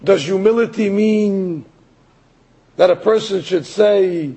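A man giving a sermon as a rabbi, telling a story in an animated way and rising to emphatic peaks. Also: high voice, measured pace, gravelly, breathy edge, low-quality recording. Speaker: rabbi or Torah teacher.

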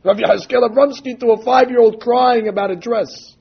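A man preaches a sermon, weaving in stories and stressing quoted passages with slow emphasis. His voice sits high and husky. The recording is dull and lo-fi. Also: fairly even intonation. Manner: emphatic, drawn-out quoting of texts. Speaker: rabbi or religious teacher. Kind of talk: sermon with storytelling.

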